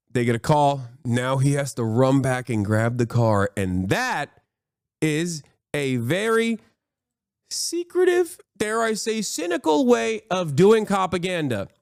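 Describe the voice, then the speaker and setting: A man streaming, retelling a TV scene in casual, profane, animated commentary with many fillers. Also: on the high side, gravelly, no room sound, studio quality.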